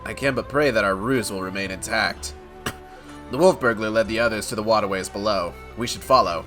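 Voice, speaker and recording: A man's voice: fairly low pitch, brisk, a bit bright, faint music behind, natural voice. A man voicing a prim, formal young male scholar in a game. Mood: earnest.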